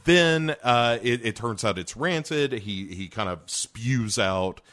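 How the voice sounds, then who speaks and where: A man co-hosting a casual movie-review podcast, animated and profane, laughing often. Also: medium pitch, slow. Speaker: podcast co-host.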